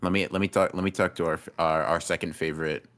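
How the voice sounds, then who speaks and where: Young male co-host, very low voice, loose slangy banter. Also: flat delivery, fast, fairly bright tone. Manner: slangy, laughing, says "bro" a lot. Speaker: podcast co-host. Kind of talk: casual chat.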